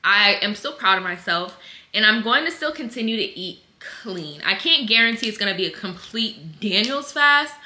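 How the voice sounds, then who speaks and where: Casting note: young woman, bright voice, chatty home vlog, lively delivery. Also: medium pitch, normal speed, roomy sound. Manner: chatty, addresses viewers as y'all; sing-song baby talk to her infant. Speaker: vlogger and mother. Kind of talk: casual chat to camera.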